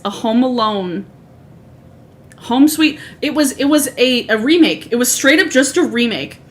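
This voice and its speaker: A woman in her thirties chatting casually on a livestream, rambling through asides and swearing freely. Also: fairly high pitch. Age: 30s. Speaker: streamer. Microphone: streaming microphone.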